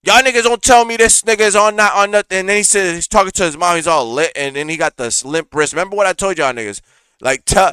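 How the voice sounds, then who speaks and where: A man's voice: high-pitched, fairly quick, clean tone, no echo. A man hosting a reaction show, ranting in casual, profane commentary with lots of fillers, recorded close on a studio mic. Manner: profane, animated rant with frequent fillers.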